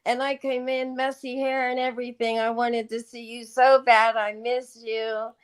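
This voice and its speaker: A woman's voice: fairly high pitch, little pitch movement, clean tone. A woman joining a video call as a surprise guest, speaking affectionately to a friend. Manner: affectionate, slow and gushing. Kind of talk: casual chat.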